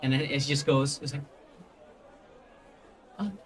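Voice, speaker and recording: A man's voice: mid-range voice, normal speed, fairly bright tone, some chatter behind. A man narrating a tabletop game as game master, rambling with lots of fillers and restarts.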